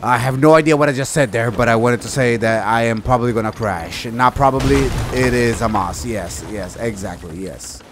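A man's voice: medium pitch, moderate pace, hardly any pauses, background noise. A man giving jokey gameplay commentary in a put-on theatrical pirate accent, rambling and self-mocking. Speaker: gamer playing a pirate game.

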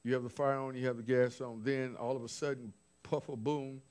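A man's voice: medium pitch, flat delivery, brisk, darkish tone, clean tone. A man preaching informally, recounting visions from his notes with restarts and asides. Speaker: apostle preaching. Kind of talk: sermon.

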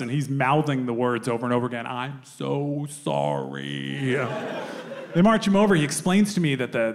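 A middle-aged man telling a story in stand-up, acting out the other voices with big jumps in pitch, with audience laughter. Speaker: stand-up comedian. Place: comedy club stage.

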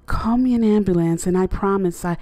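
A woman voicing an injured male crash victim who speaks weakly and with a rasp in a horror story. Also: medium pitch, brisk, warm tone, pitched above the performer's own voice, close to an everyday voice. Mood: pleading. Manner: weak, rasping.

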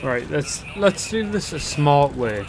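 Gamer commentator, male, slightly high and unhurried, profane, quick to blow up; noisy game audio in the background. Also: lively intonation, gravelly. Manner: swears a lot, loud frustrated outbursts. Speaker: gameplay commentator. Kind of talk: casual gaming commentary. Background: game sounds.

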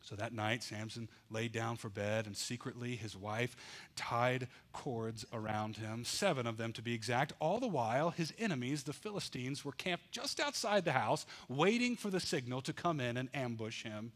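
A male pastor preaching a sermon, telling a story with animated, dramatic delivery. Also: mid-range voice, normal speed.

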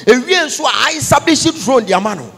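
A prophet giving a call-and-response sermon, moving between English and Twi and breaking into chanted, sung lines and shouts. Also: male voice, extremely high pitch, expressive, fast talker, gravelly, slightly rough. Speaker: prophet preaching. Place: large church conference hall.

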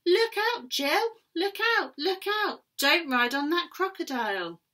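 Little male bird, voiced by a woman, high sing-song calls, storybook tone. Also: animated, a little slow, bright, forceful tone, heavily acted. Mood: urgent. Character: small male bird singing a warning.

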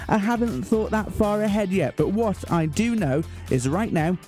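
A man hosting a community radio show, announcing in a mock-grand, deadpan way. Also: high voice, normal speed. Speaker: radio host. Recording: faint music bed behind.

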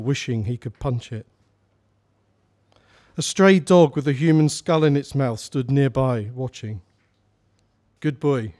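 A man reads a short story aloud at a live salon. His narration is steady and measured, at an ordinary middle pitch. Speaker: author reading a story.

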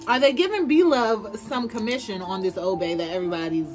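A woman hosting a casual eating vlog, playful and teasing, with loud bursts of excitement. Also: medium pitch, a little fast, few pauses, over music. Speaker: vlogger hosting a mukbang. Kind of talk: casual chat while eating.

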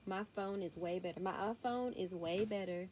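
A woman's voice: medium pitch, normal speed, heavy background noise. A young woman with a thick Southern US accent, chatting casually through a clothing haul at home with her daughter nearby. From Southern United States. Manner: chatty, drawling, says y'all a lot. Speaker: vlogger. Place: home room. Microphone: tablet built-in mic.

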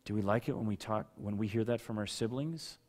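This pastor speaks in a lowish voice at a fairly quick clip. An adult father, he delivers his sermon like a conversation, calling on listeners by name, and sometimes raises his voice into loud rhetorical bursts to drive points home.

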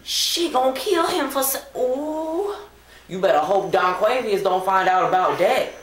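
A woman's voice: medium pitch, lively intonation, measured pace, echoey room, natural voice. A woman plays a bored young man who is chatting on his phone during a play. He talks in slang, drawls, and keeps saying "bruh". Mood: gossipy. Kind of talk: amateur comic skit.

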